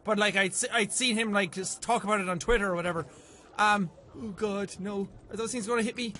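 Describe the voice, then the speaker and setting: A young man in his twenties giving excitable let's play commentary, swearing often and chatting to the game's characters. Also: high voice, a little fast, a little hiss or hum. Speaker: gamer.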